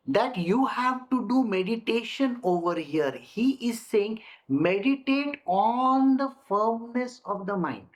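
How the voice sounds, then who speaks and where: A woman explaining a scripture in a deliberate way, repeating her phrases and acting out examples. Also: on the high side, lively intonation. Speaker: spiritual teacher.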